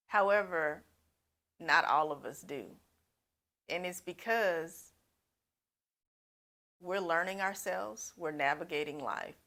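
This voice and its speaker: A woman's voice: low voice, a bit bright. A woman life coach giving earnest, encouraging advice straight to her viewers. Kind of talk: advice talk to camera.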